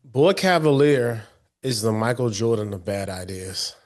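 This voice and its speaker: Relaxed man in casual podcast chat. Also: fairly low pitch, unhurried. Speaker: podcast co-host.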